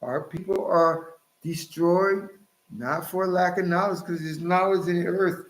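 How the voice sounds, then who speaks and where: Hosting his own channel, a man preaches emphatically and scolds his listeners while citing scripture. His high-pitched voice moves unhurriedly, and the preaching commentary carries a roomy echo.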